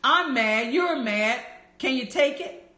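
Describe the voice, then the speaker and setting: A woman reading the part of a grinning, riddling male cat in a playful, measured storybook voice. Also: high voice, lively intonation, bright, forceful tone, exaggerated voice. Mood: teasing. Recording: roomy echo.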